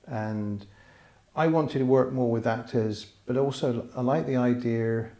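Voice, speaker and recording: A male filmmaker hosts a casual interview with a mellow, middle-pitched voice. He speaks hesitantly, restarting his sentences often. The room is noticeably echoey. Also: measured pace. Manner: hesitant, with many restarts and fillers.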